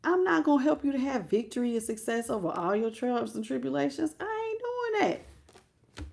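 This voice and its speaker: A woman reads tarot live. She talks bluntly and with slang, and her voice sits fairly high. She stays animated as she calls out to her chat viewers. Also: quick pace, creaky. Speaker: tarot reader.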